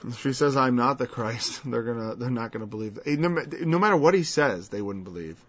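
A man's voice: medium pitch, lively intonation, fast, slight background noise. A man preaching a verse-by-verse Bible teaching in a conversational way, acting out the people he quotes in changed voices. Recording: dull lo-fi recording.

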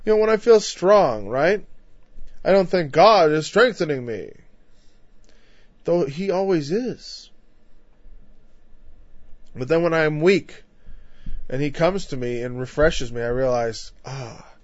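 Emphatic male preacher, slightly high voice. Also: expressive, takes it slowly, pauses often, dry recording. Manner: emphatic, climbing louder through lists, with frequent "you know" asides. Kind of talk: conversational Bible-teaching sermon. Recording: dull, dry lo-fi recording.

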